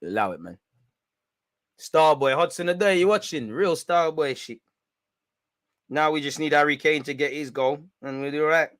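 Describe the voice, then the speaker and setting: A young man hosting a football watch-along, reacting loudly in slangy, shouty commentary. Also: fairly high pitch, moderate pace, pauses often, no room sound. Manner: excitable, shouty and slangy, chanting and yelling at the referee.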